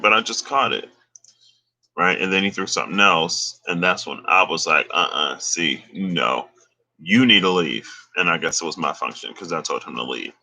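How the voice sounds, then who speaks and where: A man casually recounting a dream, relaxed and slangy, chuckling now and then. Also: deep voice. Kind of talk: casual storytelling.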